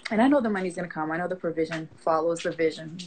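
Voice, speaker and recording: A woman's voice: on the low side, rapid-fire, a little hiss or hum, rough recording. Laughing, slangy woman in her twenties. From Haitian family. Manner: animated, laughs often, slangy. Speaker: guest. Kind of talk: casual chat.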